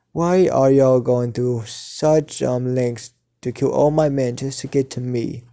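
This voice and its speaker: A man's voice: mid-range voice, creaky, mellow. A man voicing a smug, taunting male villain who drawls and says y'all.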